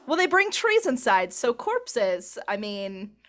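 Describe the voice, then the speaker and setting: Giggly co-host lady, jokes around, voice goes all over the place and sits a bit high. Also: very animated, takes it slowly. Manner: chatty, giggly, joking. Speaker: podcast co-host. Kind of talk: casual chat.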